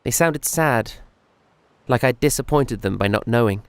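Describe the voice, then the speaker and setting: A man voicing a troubled young man who confides a fear in a hesitant, halting, earnest way. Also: mid-range voice, smooth, natural voice. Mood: uneasy confiding.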